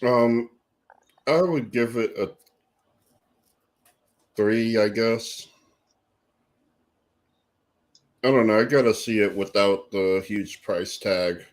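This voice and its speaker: A man's voice: lowish voice, slow, long pauses. A man in a casual podcast chat, answering in a hesitant, unsure way.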